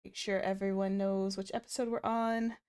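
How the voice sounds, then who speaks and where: A woman's voice: medium pitch, little pitch movement, moderate pace, darkish tone, clear, resonant tone. A woman hosting a casual anime watchalong stream, chatting to her viewers and breaking into giggly, squealing reactions. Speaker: VTuber host of an anime watchalong.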